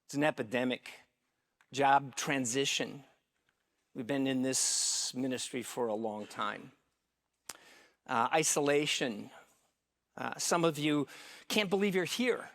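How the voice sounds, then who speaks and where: A man, a care pastor, giving a welcome talk and telling a story into a microphone, halting with fillers and restarts. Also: medium pitch, vocal fry, a bit bright. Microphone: handheld microphone.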